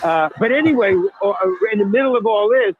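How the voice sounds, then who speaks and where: An older man telling stories as a podcast guest in casual chat, animated and restarting his sentences often. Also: high voice, fast talker, a little hiss or hum. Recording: tinny phone-like dry sound.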